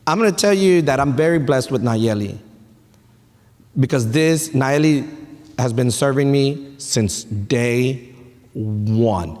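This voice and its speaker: A man in his thirties preaching a sermon as pastor, animated and playful, with family stories and asides to the congregation. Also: mid-range voice, takes it slowly. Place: church sanctuary. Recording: echoey church hall.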